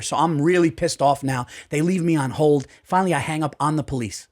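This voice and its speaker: Profane, excitable man telling a story. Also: fairly high pitch, brisk, hardly any pauses. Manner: profane, excitable, acts out voices. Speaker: podcast guest, comedian. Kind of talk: animated storytelling. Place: podcast studio. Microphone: studio mic.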